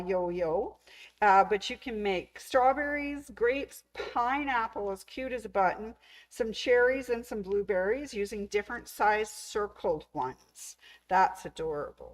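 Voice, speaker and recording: A woman's voice: a little high, rough recording. A woman hosting a casual sewing shop video, chatty and enthusiastic as she shows off patterns, gushing over how cute everything is. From Canada. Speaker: sewing store host. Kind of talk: casual show-and-tell demo.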